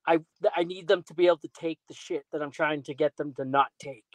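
A man's voice: a little high, fairly even intonation, fairly quick, no echo, low-quality recording. A man hosting a casual podcast, telling blunt, profane stories and laughing at them. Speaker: podcast host.

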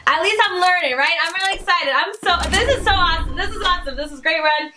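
A young woman giving excited, chatty commentary while playing a shooter game, dropping to hushed mutters and bursting into shouts. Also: extremely high pitch, fast talker, background noise. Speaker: gaming channel host.

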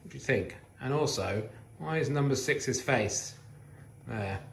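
A man teacher asking young children maths quiz questions in a slow, sing-song way. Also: mid-range voice, lively intonation, vocal fry, slight background noise. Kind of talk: early years maths quiz video. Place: home kitchen. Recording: roomy echo.

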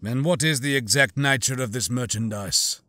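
A man voicing a cold, terse male bounty hunter in an audiobook, speaking flat and without emotion. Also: medium pitch, normal speed, no room sound, lightly acted. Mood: cool. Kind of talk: audiobook character voice.

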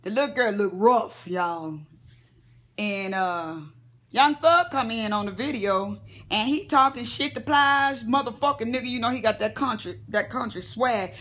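Lady lying in bed ranting celeb gossip to y'all, cussing a lot, kinda high pitched. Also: a little slow, fairly bright tone. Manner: profane, chatty, talks straight to viewers as "y'all". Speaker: vlogger. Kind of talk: casual celebrity gossip rant.

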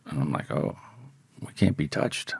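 A man's voice: very deep voice, unhurried, gravelly, husky, dry recording, studio quality. A man telling a story from his past in casual, profane speech, often acting out the voices of the people in it. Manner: profane, vivid, acts out quoted voices.

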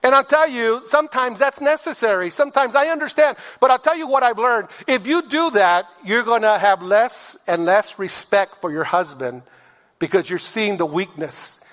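A man's voice: high voice, a bit bright, big-room sound. A man preaching a sermon as pastor, acting out quotes and calling for amens from the congregation. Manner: preaching with acted-out quotes of husbands and wives.

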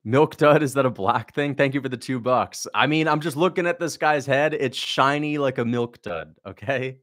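With a mid-range, fairly bright voice at a moderate pace, a young man streams his reaction to a fight. He reads viewer questions, chats casually, and mocks what he sees in a blunt, sarcastic way.

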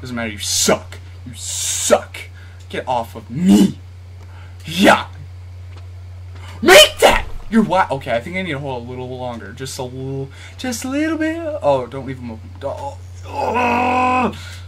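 A man's voice: medium pitch, sing-song, moderate pace, very noisy. A man giving casual commentary on a basketball video game as he plays, talking straight to his viewers, jumping between yelps and nervous muttering. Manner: talks straight to viewers, asks for likes. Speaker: YouTube gamer.

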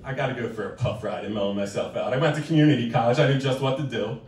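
A man doing a crude, animated stand-up comedy set on a club stage, breaking into shouted outbursts. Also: medium pitch, rapid-fire, a little hiss or hum. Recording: echoey room from a distance with a laughing crowd. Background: laughing audience.

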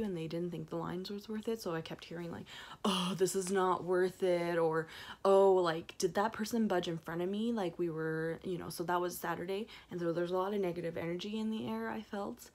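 Woman vlogger, casual recap, slightly low voice, rambling, many ums. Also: creaky, darkish tone. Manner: chatty, rambling with many fillers and restarts. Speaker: knitting vlogger.

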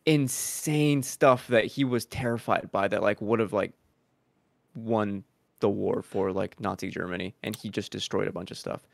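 A man's voice: on the low side, moderate pace, vocal fry, no room sound. A man co-hosting a podcast in casual chat, rambling with many fillers. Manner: rambling, full of likes. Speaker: podcast co-host.

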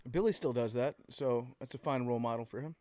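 Male podcast co-host, chatty teaser, mid-pitched, dry close mic. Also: fast, darkish tone, no room sound. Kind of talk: casual chat.

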